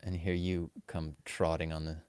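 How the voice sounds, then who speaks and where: A man hosting an interview podcast, encouraging his guest with quick replies and teasing asides. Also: deep voice, level tone, a little mellow, clean tone. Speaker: podcast host. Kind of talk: interview chat.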